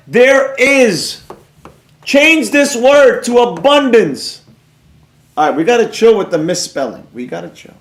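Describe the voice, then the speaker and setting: In a roomy-sounding recording, a high-pitched man speaking at normal speed leads a live trading lesson. Blunt and worked up, he reads viewers' remarks, scolds them, and keeps rambling onto side topics.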